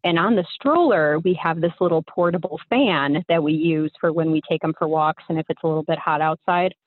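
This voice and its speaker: A woman's voice: low voice, brisk, no echo. A young woman caller casually telling a story, rambling with lots of fillers, heard over a tinny phone line.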